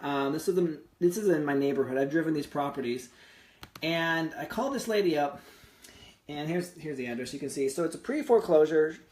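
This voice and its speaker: A man's voice: a little high, expressive, brisk, a little mellow. Chatty young man vlogging. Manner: chatty, rambling, many fillers and restarts. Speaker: real estate investor vlogger. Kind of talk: casual screen-recorded vlog.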